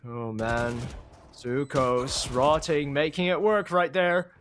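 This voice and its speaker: A man casting a live esports match, calling plays quickly and rising with excitement at big moments. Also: a little high, slight background noise. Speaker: esports caster. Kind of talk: live play-by-play commentary.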